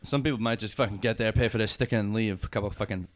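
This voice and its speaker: Animated, profane man in casual chat. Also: fairly low pitch, racing. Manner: animated, profane, keeps asking "you know what I mean?". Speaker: podcast co-host.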